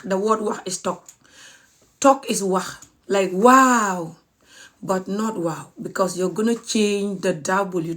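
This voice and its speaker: This language teacher from Gambia speaks at a medium pitch with a fairly bright tone. Chatting with her social media viewers, whom she calls "guys," she gives an informal lesson, saying words more than once and spelling each one letter by letter.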